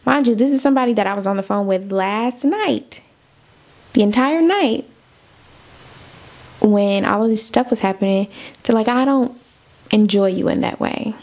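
A woman's voice: fairly high pitch, moderate pace, pauses often, highs cut off. A young adult woman hosting a podcast, telling a personal story in a candid, chatty way with lots of fillers and asides to her listeners. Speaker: podcast host.

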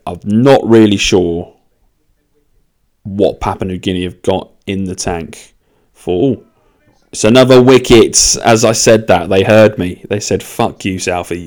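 A young man with a very deep, clear and smooth voice rambles through a casual solo podcast. His talk is loose and peppered with swearing. He keeps laughing at his own expense. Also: darkish tone. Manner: loose, sweary and self-mocking. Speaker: podcast host.

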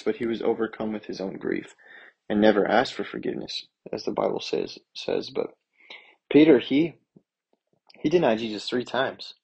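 A man's voice: medium pitch, creaky, a little mellow, breathy edge, poor audio. A man preaching a sermon, reading scripture aloud and then explaining it in an earnest, plain way. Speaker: pastor.

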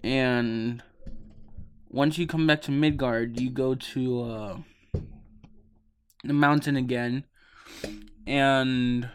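A drowsy young man rambles through a video game story at an unhurried pace. He keeps stopping for ums and uhs and swears casually. His voice is smooth and clear. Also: medium pitch, steady tone. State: sleepy, yawning. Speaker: podcast host.

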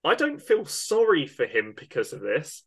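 A man's voice: a little high, huge pitch swings, normal speed, breathy edge. A man co-hosting a football podcast, ranting with emphatic indignation. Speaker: podcast co-host. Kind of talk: opinionated football podcast rant.

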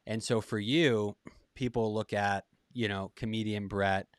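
A man's voice: lowish voice, fairly even intonation, a little slow, clean tone, no echo, clean studio sound. A man from Boston, a podcast host, reflecting casually on the guest's story and rambling a little, with self-deprecating dad jokes.

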